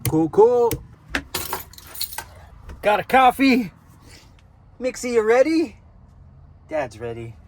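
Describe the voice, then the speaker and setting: A man's voice: very high-pitched, big pitch swings, slow pace, pauses often. A man from Canada chatting casually as a travel vlogger, jokey and laughing often, talking from inside a vehicle on the road. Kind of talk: casual travel vlog chat. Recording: loud road noise in a moving vehicle.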